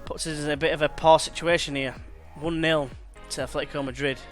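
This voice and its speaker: A young man with a slightly high voice talks a little fast, his intonation fairly even, with faint music in the background. He's a let's play gamer playing a football management game, chatting in a slangy way and commentating the action play by play.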